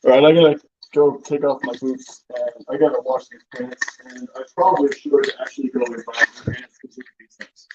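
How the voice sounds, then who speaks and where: A man's voice: mid-range voice, fairly even intonation, a little fast, noisy background. A man from the Boston area in casual chat, blunt and profane, often restarting his sentences. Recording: dull lo-fi sound.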